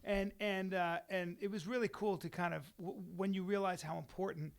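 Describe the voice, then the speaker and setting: Excitable middle-aged man with a high voice. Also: normal speed. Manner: excitable, repeats himself, stumbles over words. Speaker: podcast co-host. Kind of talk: casual podcast banter. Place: podcast studio.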